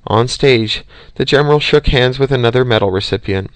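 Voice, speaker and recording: A man reading an audiobook in a steady, measured way, close to the mic. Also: mid-range voice, no room sound. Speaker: audiobook reader. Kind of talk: audiobook narration.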